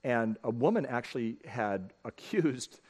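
A man's voice: mid-range voice, animated, measured pace, a little mellow, breathy edge. A middle-aged man, a pastor, giving a conversational sermon, telling family stories and speaking straight to his congregation. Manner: folksy, storytelling, addresses the congregation directly. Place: church sanctuary.

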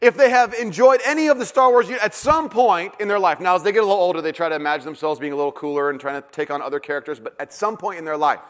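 Male pastor, casual joking sermon delivery with lots of ums and restarts, slightly high voice, long reverb. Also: fast talker, hardly any pauses, fairly bright tone. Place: church hall.

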